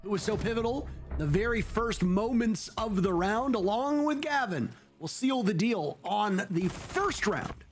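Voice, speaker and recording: A man calling esports play-by-play, excitable and rising at big plays. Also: high voice, a little slow, soft background music. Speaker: play-by-play caster.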